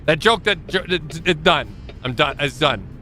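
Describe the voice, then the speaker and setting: A man streaming a trucking game, chatting casually and joking with his viewers, now and then jumping into high squeaky exclamations. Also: lively intonation, normal speed, pushed and bright, soft background music. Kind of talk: casual live-stream chat while gaming.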